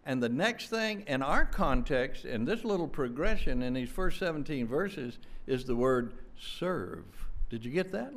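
A man preaching with a notably high, ringing voice, pressing his points with fervent emphasis. He stumbles into quick restarts and repeats words as he drives each line home, and his voice swings between quiet asides and strong, raised phrases. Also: animated. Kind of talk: sermon.

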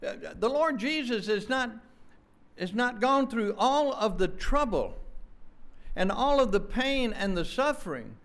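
A man preaching with a notably high, ringing voice, pressing his points with fervent emphasis. He stumbles into quick restarts and repeats words as he drives each line home, and his voice swings between quiet asides and strong, raised phrases. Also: big pitch swings. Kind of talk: sermon.

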